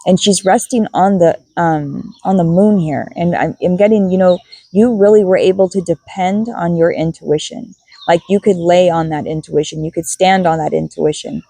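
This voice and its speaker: A woman with a husky, breathy voice doing a spiritual card reading for her viewers. She sits a little low in pitch and muses aloud, repeating key words as she works through the cards. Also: moderate pace, dark tone, no echo, poor audio. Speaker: tarot and oracle card reader.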